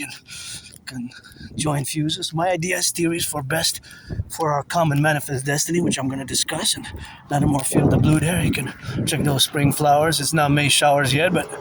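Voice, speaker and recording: A man with a slightly high voice rambles as he walks through city streets. He drifts from thought to thought, repeats himself and mutters asides. He sits back from the mic, and loud noise runs behind him. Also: far from the mic. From Quebec, Canada. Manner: repetitive, drifting, mutters asides under his breath. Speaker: vlogger. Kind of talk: rambling walking monologue.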